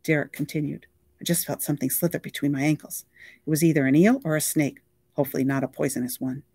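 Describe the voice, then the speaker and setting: A library reader reading a novel aloud with lively, expressive storytelling. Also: mid-range voice, no echo, studio quality.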